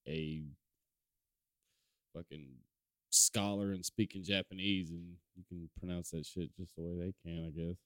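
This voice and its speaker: A man's voice: low voice, little pitch movement, unhurried, long pauses, clear, resonant tone, no room sound. A young man as a podcast guest, blunt and rambling, swearing a lot in casual chat.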